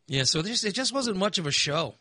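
A man's voice: high voice, sing-song, fast talker, pushed and bright, no room sound, clean studio sound. A man ranting casually, exasperated and sarcastic, sounding fired up. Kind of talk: casual opinion rant.

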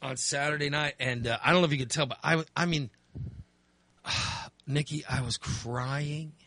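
Bright, animated middle-aged man chatting. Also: a little high, moderate pace, vocal fry, no echo. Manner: animated storyteller, acts out his own reactions. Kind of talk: casual chat.

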